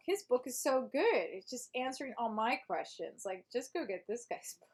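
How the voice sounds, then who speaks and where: A woman's voice: high-pitched, normal speed. A young woman hosting a casual livestream, reading a self-help book aloud and breaking off into chatty asides to her viewers. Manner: chatty, laughs often, mixes reading with asides. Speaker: live-stream host.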